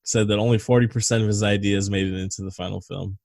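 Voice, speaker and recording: A man with a fairly low voice talks through a horror movie in loose, casual chat. He rambles, swears freely and reads out trivia between jokes. The sound is dry and close, with no room around it. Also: fairly even intonation, fast talker, gravelly, a little mellow, dry recording. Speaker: podcast co-host. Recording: dry close sound over a video call.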